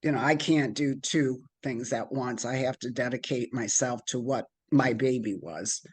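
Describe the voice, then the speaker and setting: A woman's voice: a bass voice, normal speed, husky. A middle-aged woman being interviewed as a guest, telling stories about her career and acting out the voices of people she quotes. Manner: lively storyteller, acts out quoted voices. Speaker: guest, business owner. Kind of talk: conversational storytelling interview.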